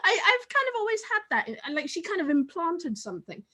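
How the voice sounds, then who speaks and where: A woman's voice: very high-pitched, sing-song, a little fast, bright, forceful tone. A woman co-hosting a casual chat show, talking in a chatty, bubbly way with lots of restarts. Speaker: podcast co-host.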